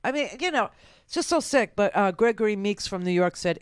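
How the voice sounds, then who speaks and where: A woman's voice: mid-range voice, lively intonation, fairly quick, clear, resonant tone, no echo, studio quality. A woman hosting a political talk radio show, giving sarcastic, combative commentary.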